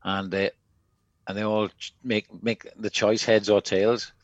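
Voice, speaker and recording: A Welsh man with a fairly low voice tells anecdotes in a loose, chatty way. The recording is dry and slightly muffled, with no room sound. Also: little pitch movement, unhurried, dry recording. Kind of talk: casual chat, storytelling.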